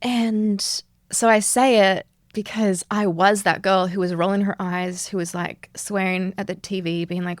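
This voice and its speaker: A woman's voice: medium pitch, a little slow, no echo, clean studio sound. A woman from Australia, a yoga teacher talking earnestly and animatedly as a guest in a reflective interview, laughing often.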